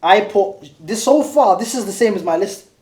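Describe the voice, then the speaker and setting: A man's voice: high-pitched, expressive, normal speed, darkish tone. A man hosting a football podcast, reading out poll results and keeping his co-hosts in line. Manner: bossy, reins in the others. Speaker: podcast host. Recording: roomy echo.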